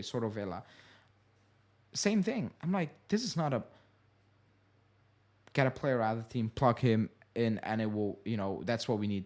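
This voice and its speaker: A man's voice: mid-range voice, darkish tone. A man hosting a fan show, talking in casual commentary, frustrated and emphatic, repeating his points and leaning on "you know".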